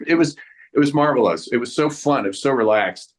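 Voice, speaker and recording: In a press interview, an actor in his sixties speaks animatedly at normal speed in a mid-range voice. Rambling and restarting a lot, he acts out the voices in his stories.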